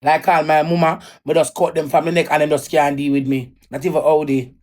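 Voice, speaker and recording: A woman's voice: low-pitched, flat delivery, fairly quick, a little mellow. A Jamaican woman telling an emotional personal story in a raw, emphatic way, often repeating her lines. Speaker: livestreamer.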